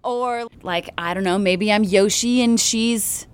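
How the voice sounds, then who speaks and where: A woman's voice: mid-range voice, unhurried, clean tone. Bubbly woman, chatty and laughing. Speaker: touring country music singer, interview guest. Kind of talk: casual interview chat.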